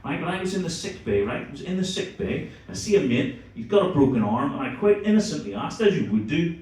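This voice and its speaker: A man's voice: fairly high pitch, lively intonation, heavy reverb, distant mic, slight background noise, rough recording. An Irish man doing stand-up comedy in a club, teasing the crowd and swearing as he tells his stories. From Ireland. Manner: profane, teasing, fast storytelling. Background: audience laughter.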